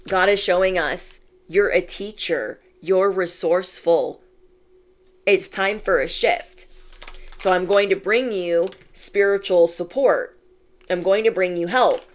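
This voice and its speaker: Woman, lowish voice, casual spiritual reading, chatty, reassuring. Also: slow pace, long pauses. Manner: chatty and affirming, heavy use of "like". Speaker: intuitive card reader.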